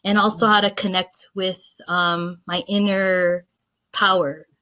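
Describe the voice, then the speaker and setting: A woman's voice: medium pitch, flat delivery, measured pace, sharp tone. Chatty, enthusiastic woman host. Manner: chatty and enthusiastic, laughs often. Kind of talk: casual chat. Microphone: video call.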